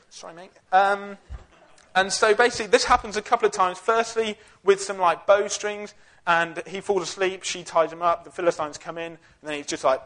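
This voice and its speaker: A man's voice: sits high, fairly even intonation, moderate pace, a bit bright. Chatty young man teaching. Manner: chatty, jokey, with lots of fillers. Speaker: youth Bible teacher. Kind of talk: casual Bible talk.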